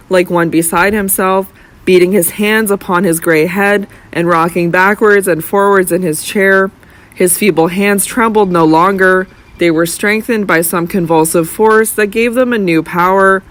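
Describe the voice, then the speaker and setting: An audiobook narrator reading a classic novel in a slow, measured, dramatic way. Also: medium pitch, fairly even intonation, fairly bright tone.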